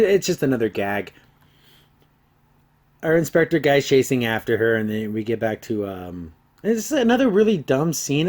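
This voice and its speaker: Man, podcast host, casual review, sarcastic, exasperated, mid pitch. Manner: lively swings in pitch and loudness.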